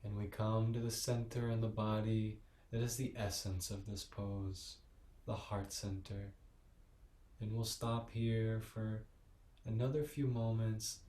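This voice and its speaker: Man, yoga teacher, mellow voice, even flat delivery, slow soothing guidance, echoey room. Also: on the low side. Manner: slow, soothing, gently encouraging. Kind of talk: guided meditation and yoga instruction.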